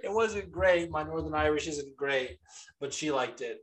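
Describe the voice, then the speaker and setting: A man co-hosting a podcast in casual chat, excitable and profane, quick to laugh. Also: fairly high pitch, crowd noise, low-quality recording. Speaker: podcast co-host.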